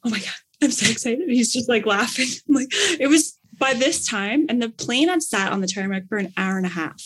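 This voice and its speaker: Brief: woman, casual storyteller, husky, excitable, gushes and acts out quotes. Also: fairly high pitch, normal speed. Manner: bubbly, gushing, acts out quotes with big excited outbursts.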